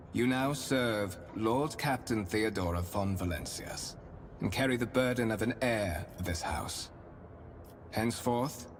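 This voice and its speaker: A man's voice: fairly low pitch, a little hiss or hum, close to an everyday voice. A man voicing a courtly imperial spymaster. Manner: formal, measured, courtly. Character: refined male imperial spymaster, formal and smooth. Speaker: game character. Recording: game audio with music behind.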